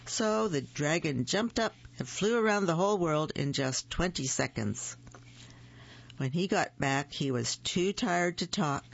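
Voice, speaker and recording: A storyteller reading picture books aloud at a gentle, unhurried pace, in a gravelly voice. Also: mid-range voice. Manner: slow, gentle read-aloud pacing. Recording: muffled, dull recording.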